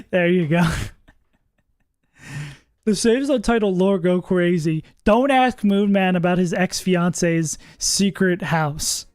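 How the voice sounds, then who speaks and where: A streamer with a medium-pitched, darkish voice talks slowly and casually through a live game, thinking out loud. Frequent laughter and occasional swearing fill the dry recording.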